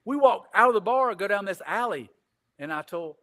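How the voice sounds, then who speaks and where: A man's voice: high voice, lively intonation, moderate pace, a bit bright. A man telling a long casual story as a podcast guest, rambling and repeating "I said," swearing casually. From Greenville.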